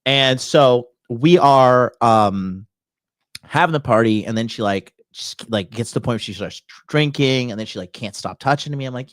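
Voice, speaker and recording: Recorded in a clean studio with no room sound, this man speaks in a mid-range voice at a moderate pace. He's a dating coach and podcast host in Tokyo, spinning a crude tale on his dating talk show with profane, swaggering bravado.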